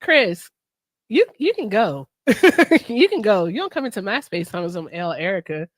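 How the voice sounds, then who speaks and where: A woman hosting her own livestream, playful and quick to laugh. Her pitch swings widely as she reacts and teases. The sound is close and dry. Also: no room sound. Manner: playful, laughing often, expressive. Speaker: streamer host. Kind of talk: casual livestream chat.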